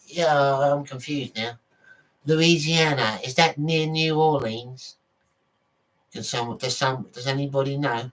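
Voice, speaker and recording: A man's voice: medium pitch, a little slow, fairly bright tone, recorded from a distance, poor audio. A man from Britain vlogging in a casual, rambling monologue, often correcting himself and swearing offhandedly.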